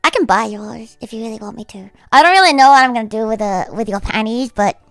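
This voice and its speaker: A woman livestreaming in casual chat, rambling with lots of fillers and breaking into high-pitched laughter. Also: fast talker, a bit bright, dry recording, soft background music. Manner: rambling, heavy use of "like".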